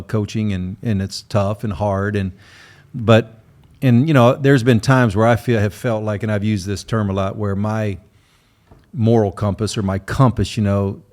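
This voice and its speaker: A middle-aged man hosts an interview in a lowish voice. He wanders through his questions, stopping and restarting often before he gets to the point. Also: fairly even intonation, a little mellow. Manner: halting, many fillers and restarts. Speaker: coach, podcast host.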